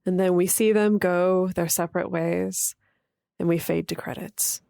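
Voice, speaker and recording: A woman's voice: fairly low pitch, steady tone, measured pace, creaky, dark tone, smooth, no echo, clean studio sound. A woman co-hosting a podcast in casual chat, playful as she sets up scenes. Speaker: podcast co-host.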